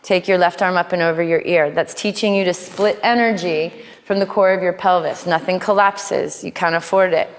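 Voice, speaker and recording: A woman's voice: lowish voice, fairly even intonation, a little hiss or hum. Playful woman teaching yoga, reverberant studio. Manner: playful, cueing poses with quick asides. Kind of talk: live yoga class instruction. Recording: long hall reverb in studio.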